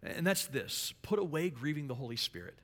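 A middle-aged man preaching a sermon, moving from quiet storytelling to loud, emphatic preaching. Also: fairly high pitch, sing-song, a little fast. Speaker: pastor. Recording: long hall reverb.

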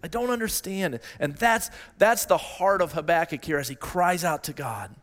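A man preaching a sermon as pastor, earnest and given to repeating phrases, rising in pitch when he voices a desperate plea. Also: sing-song, normal speed, a bit bright. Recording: long reverb in a large hall.

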